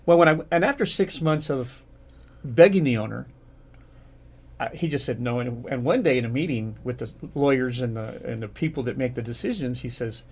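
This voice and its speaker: A man in his fifties, a business owner appearing as a guest on a radio talk show, tells a rambling story full of restarts. He speaks at normal speed in a mid-range, darkish voice.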